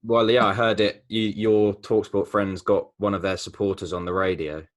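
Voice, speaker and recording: Deep-voiced laid-back bilingual co-host. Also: male voice, level tone, normal speed. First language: Danish. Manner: laid-back, dry humour, says "mate" a lot. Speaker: podcast co-host. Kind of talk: casual chat.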